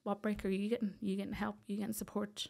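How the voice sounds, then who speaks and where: A woman tells her own story as a podcast guest. She speaks earnestly in a mid-pitched voice with fairly flat intonation. She acts out the lines of the people in her story. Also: quick pace, vocal fry. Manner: earnest, acts out what others said. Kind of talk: personal storytelling in conversation.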